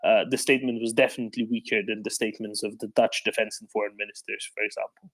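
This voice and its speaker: A man hosting a live audio discussion, speaking in a measured way with frequent fillers and restarts. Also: medium pitch, flat delivery, fairly bright tone. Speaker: host of online discussion.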